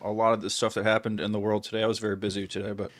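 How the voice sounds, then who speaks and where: A man who produces a live talk show, joining the host for quick, chatty, self-deprecating banter. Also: fairly low pitch, completely flat delivery.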